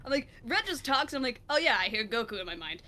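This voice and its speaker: A woman's voice: fairly high pitch, sing-song, fast talker, crowd noise. A woman co-hosting a charity stream in casual, rambling chat, laughing often.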